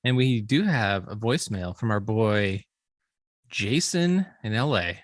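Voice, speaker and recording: Co-host, man, laid-back and slangy, lowish voice, dry close sound. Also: animated, a little slow, no room sound. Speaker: podcast co-host. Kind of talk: casual chat.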